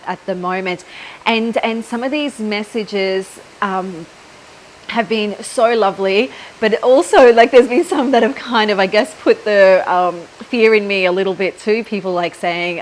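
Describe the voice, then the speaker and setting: A woman's voice: mid-range voice, a little hiss or hum. An Australian woman in her thirties, talking casually into a handheld camera outdoors by the water, rambling with many ums and likes. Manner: rambling, frequent ums and likes, laughs often. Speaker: podcast host. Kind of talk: casual spiritual chat to camera. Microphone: handheld phone camera.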